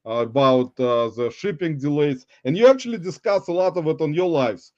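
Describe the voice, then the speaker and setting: High-voiced playful male stream host. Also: brisk, a little mellow, no echo, lo-fi sound. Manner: theatrical, mock-dramatic, laughs often. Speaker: livestream host. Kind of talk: playful livestream chat.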